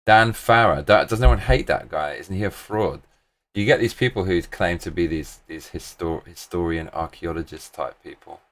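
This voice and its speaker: A man's voice: low-pitched, moderate pace, a bit bright. A British man hosting a live stream, rambling casually with plenty of swearing and slang.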